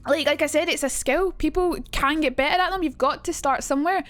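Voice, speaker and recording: A woman's voice: high-pitched, brisk, a bit bright. A young Scottish woman teaching on a casual livestream, chatty and blunt, swearing freely. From Scotland. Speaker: streamer.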